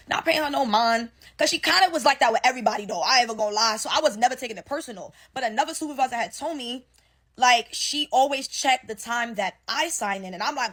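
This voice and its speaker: A young woman rattles off a workplace story in a quick, animated rush, heavy on slang and swearing. Her voice sits a bit high for a woman, and she acts out the other people's lines as she goes. It sounds like a casual phone-recorded vent to the camera. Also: husky. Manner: animated, profane, slangy storytelling with acted-out quotes. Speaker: storyteller ranting about work. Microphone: phone selfie video.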